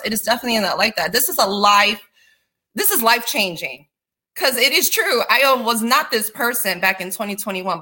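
Bright-voiced woman giving earnest encouragement. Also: on the high side. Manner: earnest, repetitive restarts, preachy encouragement. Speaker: guest. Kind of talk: motivational casual chat.

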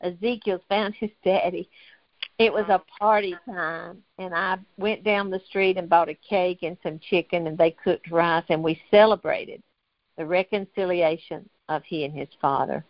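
A woman's voice: fairly low pitch, fairly even intonation, moderate pace, no room sound, muffled recording. An older woman from North Carolina tells an emotional faith story as a guest on a talk show. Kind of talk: testimony in a faith talk interview.

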